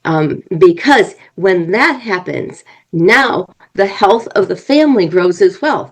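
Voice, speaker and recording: A woman's voice: on the low side, low-quality recording. Earnest woman coaching couples. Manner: earnest, explains with examples. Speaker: marriage and family coach. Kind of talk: podcast interview answers.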